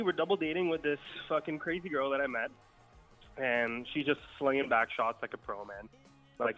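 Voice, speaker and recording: A young man spins a wild party anecdote in a relaxed, swear-heavy way. His voice sits at an ordinary pitch, and faint music plays under the talk. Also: poor audio. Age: young adult. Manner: profane, laid-back anecdote telling. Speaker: guest storyteller. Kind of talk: casual podcast storytelling.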